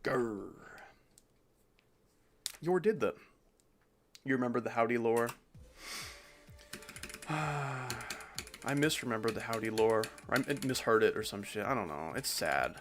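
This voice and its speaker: A man's voice: medium pitch, lively intonation, unhurried, long pauses, background noise. A man streaming a game, rambling casually as he comments on his play. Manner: rambling, chatty, swears casually. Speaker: gaming streamer.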